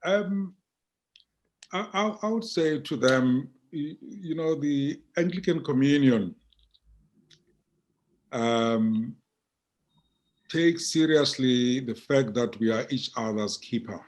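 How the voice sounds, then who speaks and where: A middle-aged man with a South African accent, an archbishop speaking in a conversational interview over a video call, halting and repeating his words with many fillers. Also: mid-range voice, darkish tone.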